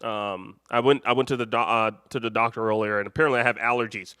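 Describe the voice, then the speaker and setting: A man's voice: medium pitch, fairly even intonation, fast, bright, forceful tone, smooth, no echo, studio quality. A man from Chicago hosting a late-night live stream, rambling and joking with the chat and laughing often. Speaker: live show host.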